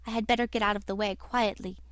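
Woman reader doing a nervous young seaman, earnest, fairly high, dry recording. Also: lively intonation, normal speed, dark tone, dry recording, lightly acted. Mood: earnest anxious. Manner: earnest, anxious.

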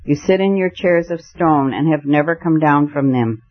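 A man's voice: on the high side, normal speed, close to an everyday voice. A man reading the part of a bitter, defiant male anarchist in fierce, accusing declamation, on a muffled lo-fi recording. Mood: raging.

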